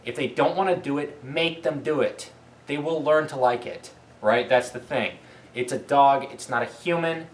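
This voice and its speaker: A man ranting bluntly about dog training, swearing often, tagging "right?" onto his points, and breaking off to give his dog commands. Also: normal speed. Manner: blunt, profane, keeps asking "right?"; calls commands to his dog and praises it in a high voice. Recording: echoey, mic at a distance.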